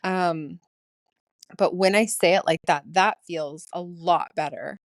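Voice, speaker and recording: Solo podcast host, woman, rapid and eager, lots of ums, lowish pitch. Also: no room sound. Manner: fast-talking, excitable, many ums. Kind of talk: casual solo podcast talk.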